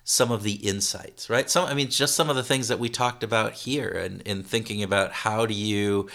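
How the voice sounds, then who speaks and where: Man, consultant guest, low voice, gravelly, halting, repeats words. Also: steady tone, a bit bright. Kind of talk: interview conversation.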